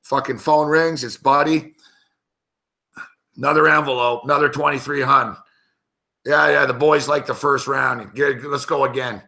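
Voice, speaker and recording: A man's voice: mid-range voice, steady tone, normal speed, creaky, long pauses, sharp tone. A man on a sports betting show telling a heated story in casual, profanity-heavy talk.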